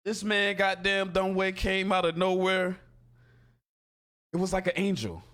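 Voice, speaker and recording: High-voiced gamer guy, bright tone, loose animated storyteller. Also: measured pace, soft background music. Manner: animated, slangy, acts out quotes. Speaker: game streamer. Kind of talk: casual storytelling while gaming.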